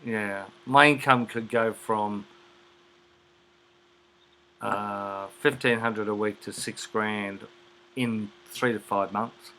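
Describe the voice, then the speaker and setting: A man in a casual chat, sharing jokes and laughing loudly. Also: fairly low pitch, fairly even intonation, slow, long pauses, a little hiss or hum, low-quality recording.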